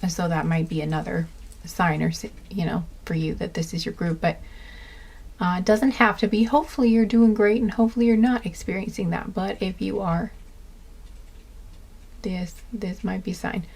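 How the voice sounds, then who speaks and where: A woman's voice: mid-range voice, steady tone, moderate pace, creaky, darkish tone, breathy edge. A woman giving a casual tarot reading, rambling with lots of fillers and restarts, gushing and tender. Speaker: tarot card reader.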